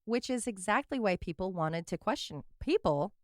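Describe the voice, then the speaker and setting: A woman's voice: medium pitch, lively intonation, moderate pace, no echo, studio quality. A woman co-hosting a podcast who tells a story in casual chat, giggling and stumbling over her words.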